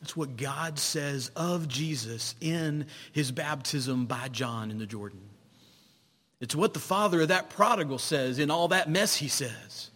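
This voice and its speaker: A man, a pastor, preaching a sermon, telling stories and swinging between loud exclamations and hushed low tones. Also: a little slow, long reverb tail.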